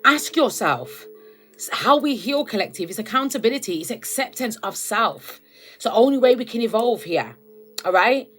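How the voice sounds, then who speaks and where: A woman's voice: on the high side, expressive, moderate pace, fairly bright tone, soft background music. A woman with a British accent giving a casual spiritual tarot reading, talking straight to her viewers and often checking in with "all right?". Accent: British English. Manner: chatty, keeps asking "all right?" and "okay?". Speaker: tarot reader.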